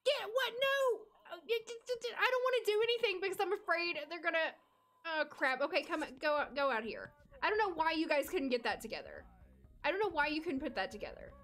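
Animated high-voiced woman streamer. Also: brisk. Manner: animated, laughing, coaxing the characters. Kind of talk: live game commentary.

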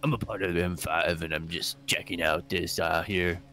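A man's voice: low-pitched, fairly even intonation, moderate pace, sharp tone. Playful man repeating words. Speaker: player. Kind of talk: tabletop game chat.

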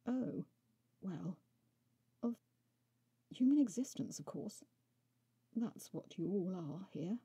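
A woman voicing a male winged horse-like beast in a storybook reading, speaking slowly and teasingly. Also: medium pitch, animated, warm tone, slightly rough, no room sound, full character voice. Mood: drawling, mocking.

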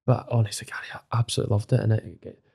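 With a lowish, slightly rough and a little mellow voice, vocal fry and fairly even intonation, this Scottish-accented man talks very fast. He's a footballer in his thirties from Scotland, guesting on a podcast, emotional, open and frequently swearing.

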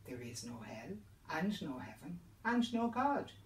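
A crowd of young male scholars jeers and mocks in unison, voiced by a woman storyteller. The voices sit low, and the room echoes around a distant mic. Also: very animated, measured pace, a little hiss or hum. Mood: mocking. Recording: roomy sound from a distant mic.

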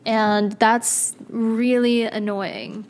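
A woman's voice: fairly high pitch, flat delivery, extremely slow, darkish tone, a little hiss or hum. A young woman doing a casual tarot reading to camera, chatty, blunt and slangy, swearing now and then. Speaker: tarot reader.

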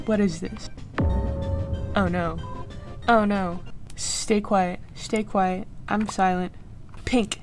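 Young female streamer, excitable chatter over clear background music, unhurried delivery. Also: mid-range voice. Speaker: gaming streamer. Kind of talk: casual gameplay commentary. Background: game music.

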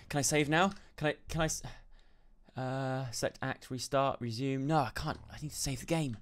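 A young man doing let's play commentary, excitable and jumpy, yelping and shouting when startled. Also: mid-range voice, moderate pace. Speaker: gaming YouTuber.

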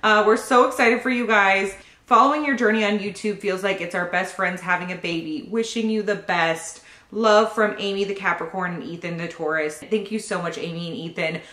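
A woman's voice: mid-range voice, moderate pace, sharp tone. Giggly woman gushing over gifts. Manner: giggly, gushing, often laughing. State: pregnant. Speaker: YouTube vlogger. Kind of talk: casual unboxing chat. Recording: roomy echo.

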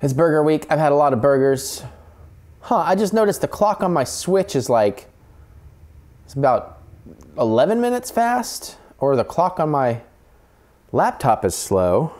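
Playful man with a lively voice. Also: a little high, unhurried, long pauses. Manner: playful, jokey, reads on-screen text aloud. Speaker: video game channel host. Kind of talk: casual unboxing and gameplay commentary.

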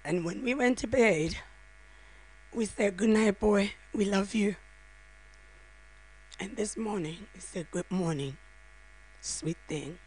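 A woman's voice: mid-range voice, slow, long pauses, darkish tone, slightly rough. A middle-aged woman, a grieving mother, delivering a heartfelt funeral eulogy in short, broken phrases. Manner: heartfelt, speaks directly to the mourners.

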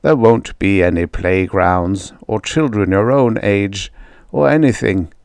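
A deep, stern father's voice, gruff and measured, as a narrator puts him on. He speaks slowly and gravely in a dry, close audiobook recording. His voice swings between solemn and forceful. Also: lively intonation, no room sound. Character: stern brilliant father, big middle-aged man, gruff.

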